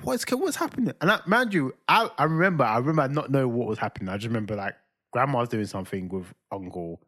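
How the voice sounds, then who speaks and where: A fast-talking man with a mid-range voice co-hosts a casual podcast, telling animated stories full of acted-out voices and sounds and laughing often.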